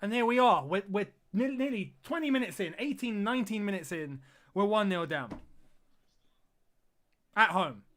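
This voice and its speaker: High-voiced man reacting to a live match. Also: lively intonation, normal speed, pauses often, fairly bright tone, slight background noise. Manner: repeats phrases, exclaims and groans at the play. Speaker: football watch-along streamer.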